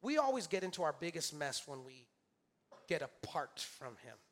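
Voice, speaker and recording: Bright, high-voiced male preacher. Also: big pitch swings, moderate pace. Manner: emphatic preaching with call-and-response to the congregation; repeats key phrases for emphasis. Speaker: pastor. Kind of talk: sermon. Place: church sanctuary.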